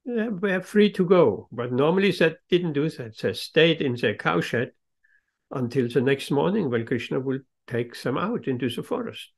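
A man giving a devotional lecture, telling a story slowly and stressing key words. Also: fairly high pitch, lively intonation, vocal fry. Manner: slow, emphatic, leans on key words.

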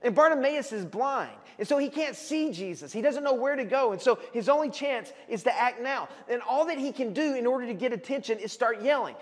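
A man, a pastor preaching a sermon and telling the story vividly, at times calling out loudly as the people in it. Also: very high-pitched, a little fast, hardly any pauses. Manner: animated storytelling, acts out shouting voices. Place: church hall. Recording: long hall reverb.

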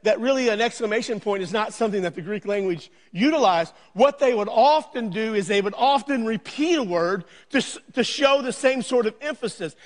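A man's voice: very high-pitched, in a large hall. A man preaching a sermon, earnest, with repeated phrases, building now and then to a raised, emphatic voice. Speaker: pastor.

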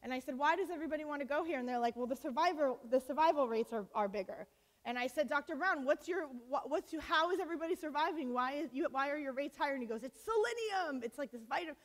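Brief: woman speaker, high pitch, impassioned storytelling, halting with fillers, long hall reverb. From United States. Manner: impassioned, many fillers and restarts, acts out quotes. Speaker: speaker at a college talk. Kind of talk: personal storytelling talk. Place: lecture hall.

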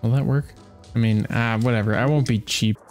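A man's voice: mid-range voice, fairly even intonation, a little fast, faint music behind. A man giving casual, chatty commentary while playing a video game, talking to himself and to the creatures on screen. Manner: chatty self-talk, talks to game creatures, frequent laughs. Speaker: let's play gamer.

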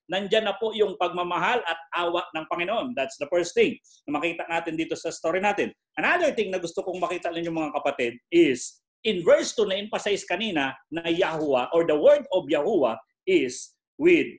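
A man with a Filipino accent teaching a Bible study in English and Tagalog, polite and measured, often checking in with his listeners. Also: fairly high pitch, lively intonation.

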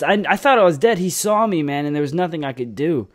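Excitable young man commentating gameplay. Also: on the high side, fast, few pauses. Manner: excitable, swears freely, repeats "man". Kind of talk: casual gaming commentary.

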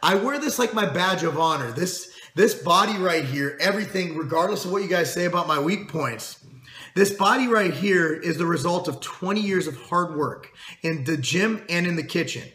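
Middle-aged man, fitness host, bright forceful voice, blunt and profane, echoey room. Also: high voice, lively intonation, normal speed. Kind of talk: casual monologue to camera.

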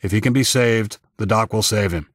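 Man doing a gruff older militia commander, stern, authoritative, low husky voice, dry close sound. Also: moderate pace, no echo, lightly acted. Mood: firm. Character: gray-haired older male militia leader, stern and commanding.

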